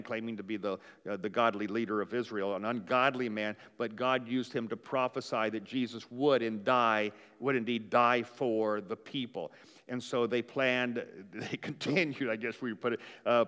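Preacher with a casual drawl. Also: male voice, mid-range voice, fairly bright tone, clear, resonant tone, big-room sound. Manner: casual, conversational preaching with frequent fillers and restarts. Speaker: pastor. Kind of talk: sermon.

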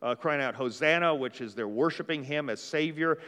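Male pastor, easygoing sermon delivery with a lot of "uh" and restarts, medium pitch, long church-hall reverb. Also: normal speed, fairly bright tone. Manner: casual, conversational preaching with frequent fillers and restarts.

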